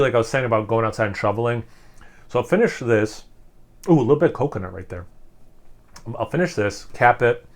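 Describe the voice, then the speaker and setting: A man doing a casual beer tasting review, enthusiastic and rambling, full of fillers and restarts as he sips and savors. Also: medium pitch. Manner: speaking while sipping and savoring.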